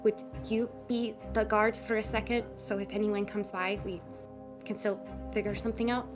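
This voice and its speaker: A woman's voice: medium pitch, level tone, moderate pace, music in the background. A woman playing a tabletop game, chatting and talking things through with the group in character. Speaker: player. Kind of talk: tabletop game play, casual.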